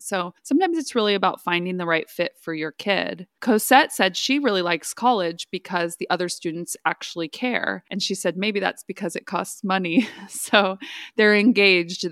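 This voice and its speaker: A woman co-hosting a casual book club podcast, speaking earnestly and getting emotional over stories, with soft laughs. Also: fairly low pitch, smooth, dry recording, studio quality. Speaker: podcast co-host, speech-language pathologist.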